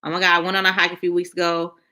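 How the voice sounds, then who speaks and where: This woman runs a casual livestream, voicing viewers' comments and chatting lively while frequently repeating herself. She talks very fast at a fairly low pitch.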